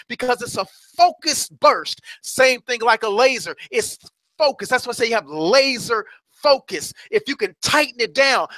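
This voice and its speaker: Guy preaching motivation, tells stories, high bright voice, super dry close mic. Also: dry recording. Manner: storytelling, acts out quoted voices; emphatic, repeats words for effect. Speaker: motivational speaker. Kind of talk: motivational talk to an audience.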